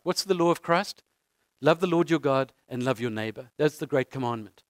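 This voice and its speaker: High-voiced earnest male pastor preaching. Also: dry recording, clean studio sound. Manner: earnest and heartfelt, repeats key phrases for emphasis. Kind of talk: sermon.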